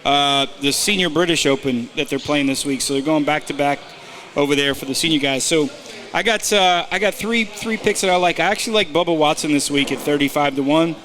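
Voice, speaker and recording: A man with a slightly high voice co-hosts a casual podcast and talks through his picks in a loose, rambling way. He often stops to restart a thought or fills a gap with a hesitant "uh". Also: brisk, a bit bright. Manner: rambling, with many fillers and restarts. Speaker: podcast co-host giving betting tips. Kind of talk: casual chat.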